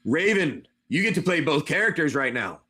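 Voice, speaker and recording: High-voiced man running a game. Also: sing-song, normal speed, sharp tone, breathy edge. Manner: rambling, self-correcting. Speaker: game master and livestream seller. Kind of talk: improvised tabletop narration on a live stream.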